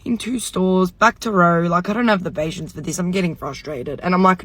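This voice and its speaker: Bright, exasperated storyteller. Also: mid-range voice, normal speed, hardly any pauses, no room sound. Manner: exasperated, swearing, mimics others. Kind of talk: casual storytime rant.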